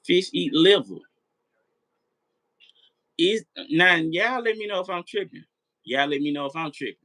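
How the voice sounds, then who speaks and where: A man's voice: high voice, lively intonation, measured pace, sharp tone, no echo, low-quality recording. A man hosting a late-night live chat, rambling, repeating himself and swearing as he talks straight to his viewers. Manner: rambling, repetitive, profane. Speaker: live stream host.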